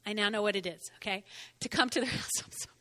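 An older woman preaching a sermon in an animated way, often checking in with "okay?" and "all right?". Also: medium pitch, quick pace. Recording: reverberant hall.

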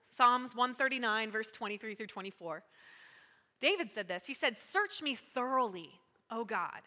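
Woman pastor, bright and higher-pitched, lively sermon delivery with congregation call-outs, reverberant church hall. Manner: lively, conversational preaching with audience call-outs. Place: church sanctuary.

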